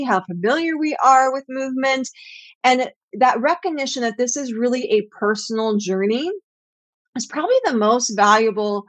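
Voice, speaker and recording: A woman's voice: a little high, a bit bright, dry recording. A middle-aged woman Pilates teacher giving earnest, explanatory interview answers. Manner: earnest, explanatory, acts out quoted voices.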